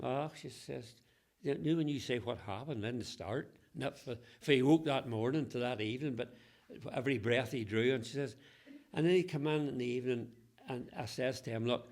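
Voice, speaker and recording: A man's voice: mid-range voice, brisk, creaky, a little mellow. An older man, telling local anecdotes to a group and laughing at his own jokes. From Northern Ireland. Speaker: local storyteller.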